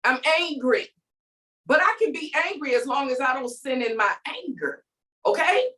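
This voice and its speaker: A woman's voice: high voice, sing-song, normal speed, pushed and bright, distant mic, rough recording. Woman venting faith talk, preachy and emphatic, voice swoops up and down. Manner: preachy, emphatic, calls out to listeners. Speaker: faith vlogger. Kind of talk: inspirational rant.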